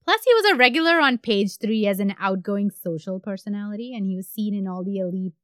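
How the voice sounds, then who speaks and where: A woman from India hosting a podcast, telling a true crime story in an animated, conversational way. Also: mid-range voice, fast, smooth, no echo, clean studio sound. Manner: animated, conversational, trailing off at phrase ends. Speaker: podcast host.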